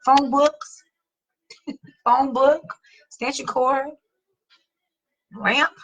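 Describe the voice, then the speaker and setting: A middle-aged woman hosting a casual chat, reading viewer comments, slangy and animated, swearing casually and laughing often. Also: high-pitched, extremely slow, rough recording. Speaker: host.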